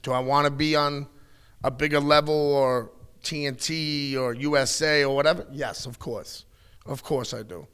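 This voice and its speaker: A middle-aged man in a candid interview, talking bluntly and with plenty of swearing as he tells animated stories. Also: mid-range voice, moderate pace, clear, resonant tone. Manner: blunt, profane, animated storytelling. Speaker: wrestling guest.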